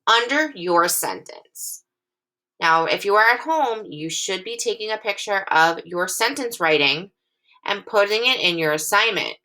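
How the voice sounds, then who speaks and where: Young woman teacher doing a phonics video for little kids, bright voice, patient and encouraging, reads example lines slow and expressive. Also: medium pitch. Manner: clear, patient, encouraging, with sample sentences read slowly and expressively. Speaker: elementary school teacher. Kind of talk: recorded phonics lesson for young children.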